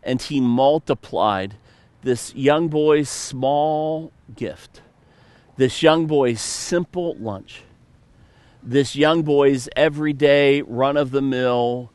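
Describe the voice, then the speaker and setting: A male pastor delivers a sermon at an unhurried pace. He mixes scripture reading with casual storytelling and light humor. The voice is mid-pitched and dry, with little room sound. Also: darkish tone, clear, resonant tone, no echo. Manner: storytelling, with playful asides.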